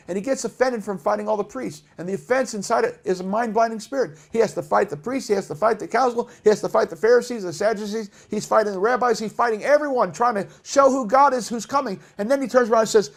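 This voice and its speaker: A middle-aged man preaching a sermon with passion, dropping to a hush and then rising to shouts. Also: high-pitched, fast, gravelly, hardly any pauses. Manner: impassioned preaching, swinging between hushed and shouted.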